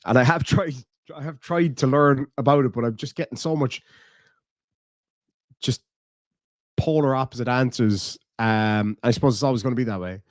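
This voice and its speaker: A man's voice: medium pitch, moderate pace, pauses often, dry recording, studio quality. Blunt, swearing Irish man. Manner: blunt, profane, laughs easily. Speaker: streamer host reading chat. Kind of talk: casual live-stream commentary.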